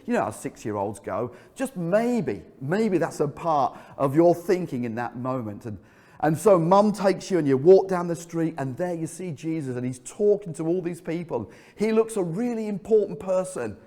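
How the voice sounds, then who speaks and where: A man preaching a sermon as pastor, telling a story vividly and dropping his voice low for emphasis. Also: expressive, normal speed, warm tone. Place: church hall. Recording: church hall reverb.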